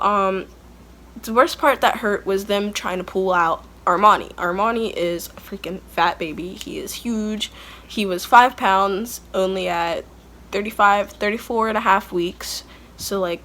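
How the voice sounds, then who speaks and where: A woman's voice: medium pitch, fairly bright tone. A young woman vlogger telling a story in a chatty, candid way, full of "like" and blunt asides. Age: young adult. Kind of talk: casual storytime. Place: at home, kids nearby.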